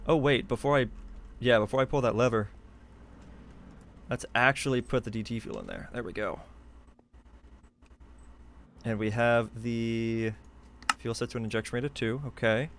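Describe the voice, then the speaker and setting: A man's voice: mid-range voice, steady tone, normal speed, pauses often. A man streaming a game live, talking through what he builds in a chatty, eager way from a hot room at home on a desk microphone. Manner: chatty, eager, thinks aloud while building. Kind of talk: live gameplay commentary.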